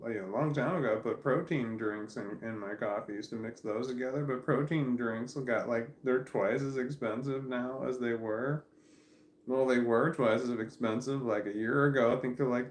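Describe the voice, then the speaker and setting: Casual male vlogger, mid pitch, candid, rambling, roomy echo. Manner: candid, wandering, self-deprecating, often trailing off. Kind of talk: casual rambling monologue to camera. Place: at home in a room, with a puppy in his lap.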